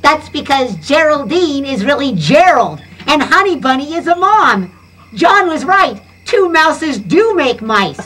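A woman's voice: high-pitched, sing-song, unhurried, fairly bright tone, full character voice. A woman voicing a cheerful, wide-eyed young alien exchange student in a children's video.

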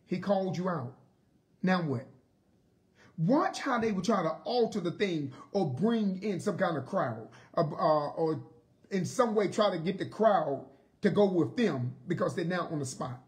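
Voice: medium pitch, expressive, normal speed, a little mellow. A Bible study teacher preaching emphatically, repeating key phrases, asking rhetorical questions and drawing words out for stress.

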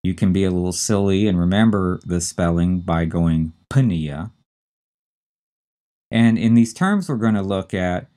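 A man teaching a recorded medical terminology lecture, speaking slowly and carefully and spelling out terms letter by letter. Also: deep voice, darkish tone. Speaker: instructor.

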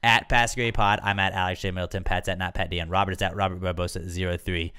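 Smooth-voiced man hosting a casual podcast. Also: low voice, flat delivery, quick pace, sharp tone. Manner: joking, upbeat banter. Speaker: podcast host.

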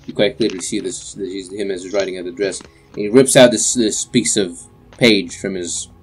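A man's voice: low-pitched, steady tone, moderate pace, slightly rough, faint music behind. A young man narrating as game master for a tabletop game, in a loose, rambling way with many fillers.

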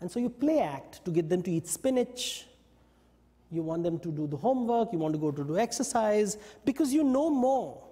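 A man giving a lecture, telling stories in an animated way and briefly acting out what the characters say. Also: sits high, moderate pace, big-room sound. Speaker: invited speaker. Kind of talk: lecture on mythology. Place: yoga studio talk.

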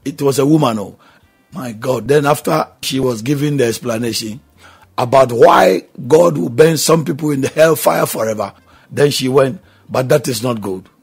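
A man's voice: mid-range voice, normal speed, gravelly, husky, soft background music. A man with a Ghanaian accent preaching a radio sermon, emphatic, firing exclamations and questions at the listener. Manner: alternates between two languages. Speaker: pastor.

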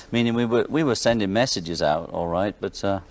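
A man's voice: on the low side, normal speed. A man in his thirties with a Liverpool accent, a musician guest on a talk show, talking in an offhand, wry way and laughing between remarks. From England. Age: 30s. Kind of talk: casual talk-show interview. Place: television studio set.

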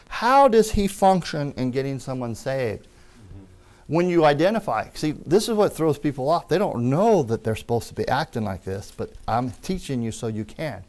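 A man's voice: a little high, a little mellow. A man preaching a teaching sermon, emphatic and repeating amen with enthusiasm, with wry asides and small jokes.

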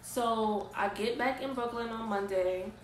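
A young woman in casual, slangy storytime vlog style, recounting events in an animated way. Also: on the high side, measured pace, slight background noise. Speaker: vlogger. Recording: roomy echo, distant mic.

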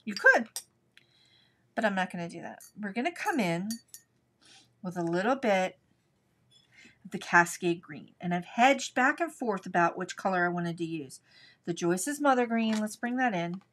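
A woman's voice: mid-range voice, lively intonation, normal speed, pauses often, a bit bright. Chatty woman teaching watercolor live. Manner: chatty, thinks aloud while working. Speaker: art instructor. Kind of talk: live painting tutorial.

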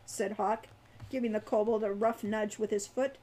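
A woman reading her own young adult fantasy novel aloud in a lively storytelling way. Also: mid-range voice, normal speed. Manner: animated narration.

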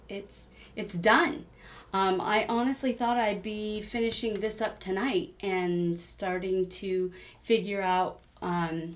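A woman chatting in a rambling diary-style crafting vlog, with many ums, sounding a bit tired. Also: medium pitch. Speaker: cross-stitch vlogger.

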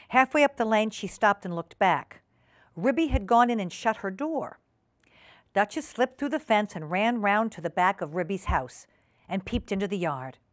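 A woman hosting a community TV show, reading a children's story aloud in a gentle, unhurried way in a studio. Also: medium pitch. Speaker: storyteller host.

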